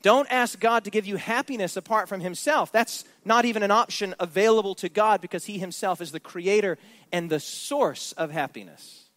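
A man preaching a sermon in an emphatic, rhetorical style, often turning questions to his listeners. His voice sits very high for a man. The recording is dry and close. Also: moderate pace, a bit bright, no room sound.

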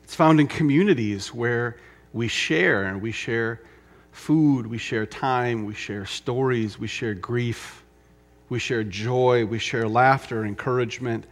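A middle-aged man preaching a sermon, emphatic, with dramatic pauses and repetition. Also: mid-range voice. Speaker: pastor.

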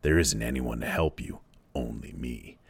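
A man's voice: extremely low pitch, normal speed, creaky, slightly rough, pitched below the performer's own voice, exaggerated voice. A man voicing the Lord of the Flies, a rotting pig's head that menaces a boy in a mocking schoolmaster tone. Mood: menacing.

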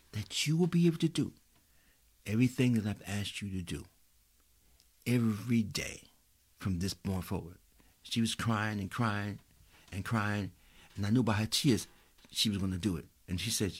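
A man's voice: on the low side, animated, unhurried, long pauses, a little mellow, slightly rough. Man preaching, direct storytelling sermon. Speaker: pastor.

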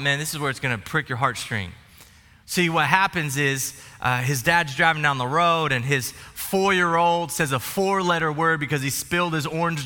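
A man preaching in a church sanctuary, speaking in a chatty, humorous way with frequent asides. His voice is very bright and sits a little high for a man. The sound rings out with a long hall reverb. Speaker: pastor. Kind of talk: sermon.

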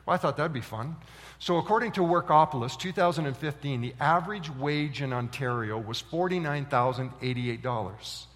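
A man preaching a sermon, telling a story with animated voices for its characters. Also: a little high, normal speed. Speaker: pastor. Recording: long hall reverb.

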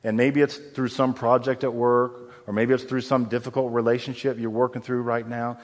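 A man preaching a sermon as pastor, telling a story with lively acted-out voices. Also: medium pitch, moderate pace. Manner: animated storytelling, acts out quoted voices. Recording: long hall reverb.

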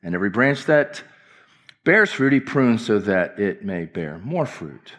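A man's voice: on the low side, sing-song, a little slow, a bit bright. A male pastor delivering an impassioned, emphatic church sermon with repeated phrases. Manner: impassioned, emphatic preaching with repetitions.

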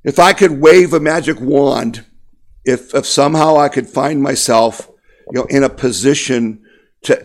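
A man giving an impassioned political monologue as a talk host, emphatic and repetitive, rallying his listeners. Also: mid-range voice.

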